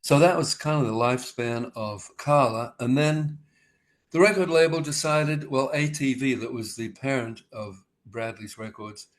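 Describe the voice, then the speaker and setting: An older man talks over a video call as an interview guest. His voice sits in an ordinary middle pitch. He tells loose, rambling stories and acts out each exchange. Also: moderate pace. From Australia. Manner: rambling anecdotal, acts out dialogue with shifting voices. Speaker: musician guest. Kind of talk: casual interview storytelling.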